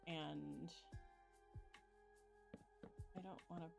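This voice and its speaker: A woman's voice: low voice, steady tone, extremely slow, gravelly, music in the background, low-quality recording. A woman hosting a gaming video, chatting casually and explaining things in a rambling way with many fillers. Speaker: gaming channel host. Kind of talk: casual gameplay chat.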